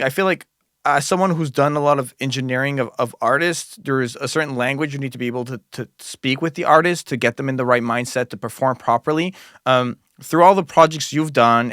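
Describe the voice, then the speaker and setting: A man of middle pitch hosts a podcast, asking questions in a thoughtful, measured way with the odd "um." The recording is dry and close to the mic. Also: a bit bright, no echo. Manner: thoughtful, measured, uses fillers like um. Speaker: podcast host, music engineer. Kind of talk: interview questions.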